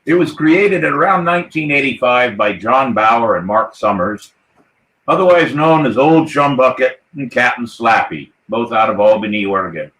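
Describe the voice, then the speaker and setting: A man hosts a live podcast as a jolly pirate captain, rallying and toasting his crew in a hearty voice. His voice sits at a middle pitch. The room around him is noticeably echoey. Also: animated, normal speed, fairly bright tone. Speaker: podcast host. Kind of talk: live podcast chat in a playful pirate persona.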